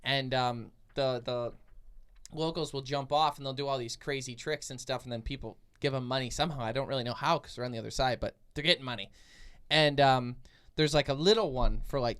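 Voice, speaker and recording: A man hosting a podcast, telling an animated story in casual chat, laughing often and saying 'like' a lot. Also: mid-range voice, a little fast, clear, resonant tone. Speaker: podcast host.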